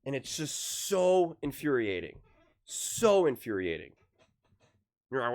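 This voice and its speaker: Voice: medium pitch, very animated, slow pace. A sports commentary channel host giving heated, opinionated commentary, stressing points by repeating key phrases.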